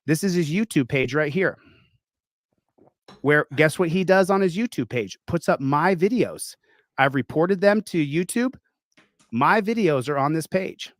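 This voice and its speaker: Indignant man ranting, slightly high voice. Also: lively intonation, unhurried, no room sound. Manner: indignant, accusing, threatening. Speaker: streamer. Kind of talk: angry live-stream rant.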